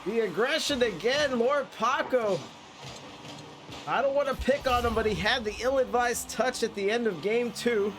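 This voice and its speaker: High-voiced man with a stuffy nose. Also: normal speed, over music. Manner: excitable play-by-play with frequent restarts. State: congested, nasal from a cold. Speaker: esports caster. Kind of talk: play-by-play esports commentary.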